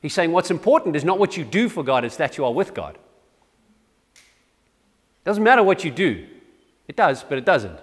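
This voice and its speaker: A man's voice: on the high side, big-room sound. A man preaching a sermon in a conversational, self-deprecating way with frequent restarts. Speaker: pastor. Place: church.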